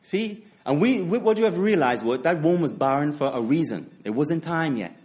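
A man's voice: a little high, lively intonation, moderate pace, a little mellow. A man preaching a sermon, repeating his points with emphasis, asking rhetorical questions and sharing personal stories with chuckling asides.

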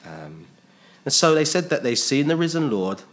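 A man's voice: mid-range voice, very animated, normal speed, fairly bright tone. Emphatic male preacher, repeating himself. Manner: emphatic, repeats phrases, asks the listeners rhetorical questions. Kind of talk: sermon.

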